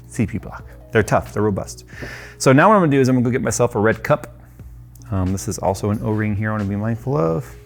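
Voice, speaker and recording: Low-voiced man chatting through a repair. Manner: chatty, loose, self-deprecating asides. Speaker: tech YouTuber. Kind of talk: casual how-to demonstration. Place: workshop workbench.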